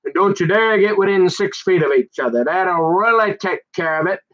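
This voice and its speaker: A man's voice: high-pitched, expressive, moderate pace, fairly bright tone. A man, talking in a rambling, folksy casual monologue that repeats itself and wanders. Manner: folksy, meandering, repeats himself. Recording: dull lo-fi sound.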